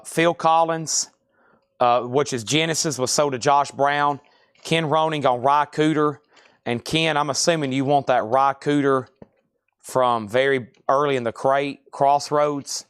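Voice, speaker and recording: A man's voice: medium pitch, steady tone, smooth, dry recording, clean studio sound. A man hosting a live-streamed record sale, rattling off items and prices with chatty asides. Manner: rapid item-and-price listing, chatty asides.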